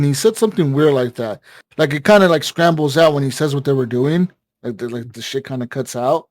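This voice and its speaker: A man's voice: mid-range voice, fairly quick, dry recording. A man casually telling a long story on a gaming podcast, rambling with lots of fillers and swearing. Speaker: podcast co-host.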